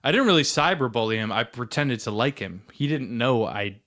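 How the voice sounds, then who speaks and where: A man co-hosting a casual podcast, telling stories with dry, deadpan jokes and sarcastic asides. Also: mid-range voice, fairly quick. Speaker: podcast co-host. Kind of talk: casual chat.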